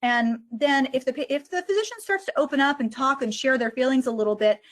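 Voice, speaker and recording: A woman's voice: high voice, fast. A woman giving an online lecture on physician well-being, explaining step by step how to approach a struggling colleague. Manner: explanatory, models conversations step by step.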